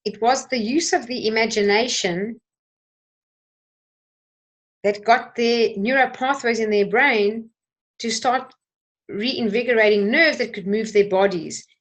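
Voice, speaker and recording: A woman's voice: on the high side, measured pace, pauses often, poor audio. Earnest woman giving a motivational talk. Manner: earnest, persuasive, emphatic repetition. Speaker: host.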